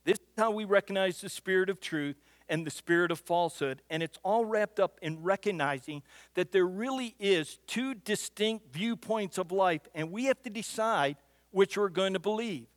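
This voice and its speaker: A man's voice: high-pitched, moderate pace. A man preaching a sermon, telling stories with a folksy storyteller's manner and often repeating the first word of a phrase. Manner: storytelling, builds loud for punchlines; repeats words when starting phrases. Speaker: pastor. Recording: long hall reverb.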